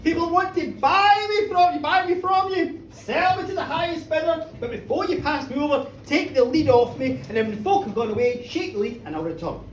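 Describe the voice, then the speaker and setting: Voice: high-pitched, lively intonation, fairly quick, hardly any pauses, a little hiss or hum. A storyteller voicing a cheeky shapeshifting peasant boy, coaxing and scheming, told live in a bar. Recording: roomy, distant live bar recording.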